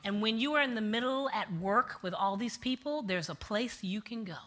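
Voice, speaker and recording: A woman minister preaching a sermon, telling a story with animated delivery that swings from hushed asides to loud punchlines. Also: a little high, moderate pace.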